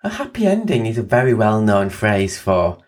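A woman's voice: a bass voice, very animated, normal speed, darkish tone. A British woman co-hosting a casual chat, playful and teasing with big reactions. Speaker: podcast co-host.

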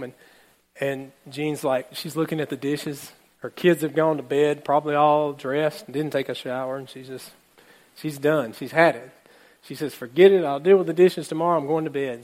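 A male pastor preaching a sermon, telling a story and acting out the characters' lines while speaking to his congregation. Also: a little high. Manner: animated, acts out characters' lines, addresses congregation.

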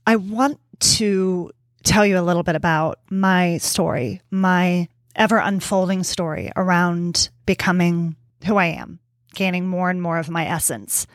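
A woman's voice: on the low side, a little slow, no room sound. A woman in her forties hosting her own podcast, talking candidly and from the heart in a reflective monologue, laughing often and swearing casually. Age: 40s. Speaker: podcast host.

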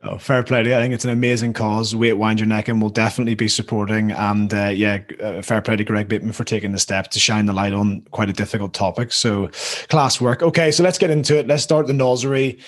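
A man's voice: on the low side, flat delivery, fast talker, few pauses. Chatty Northern Irish man hosting. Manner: chatty and joking, with many fillers. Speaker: podcast host. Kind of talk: casual chat.

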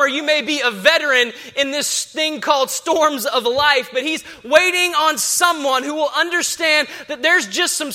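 A man's voice: very high voice, sharp tone. A man in his thirties preaching a sermon as a pastor, impassioned and repetitive.

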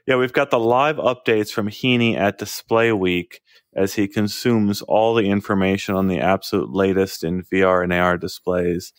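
Deep-voiced male co-host. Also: steady tone, moderate pace, no room sound, clean studio sound. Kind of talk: casual tech show chat.

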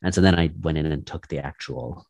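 A man guest on a podcast, talking in a relaxed, rambling way with lots of "like" fillers. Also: a bass voice, brisk, dry recording. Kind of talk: casual conversation.

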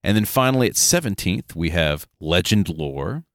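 Deep-voiced joking podcast co-host man. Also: animated, no echo, clean studio sound. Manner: joking, rambling, quick asides. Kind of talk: casual tabletop gaming chat.

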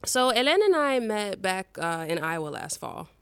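A woman co-hosting a conversational podcast, upbeat and quick to laugh. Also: mid-range voice, very animated, fairly bright tone, clear, resonant tone, no echo. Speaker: podcast co-host.

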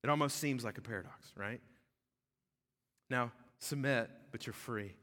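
Male pastor giving a sermon, bright forceful voice, chatty storytelling, big echoey church hall. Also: mid-range voice, a little slow. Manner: conversational, animated storytelling with frequent "right?". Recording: echoey hall with long reverb.

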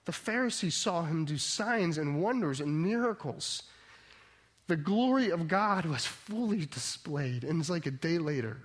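A male pastor gives a sermon in a fairly high voice. He tells the story in a steady storyteller's way, then presses his point with emphatic preaching. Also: a little slow.

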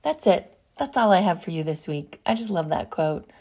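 A middle-aged woman hosting a motivational talk show, energetic and playful, repeating phrases for emphasis. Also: lowish voice, moderate pace, slightly rough. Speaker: podcast host.

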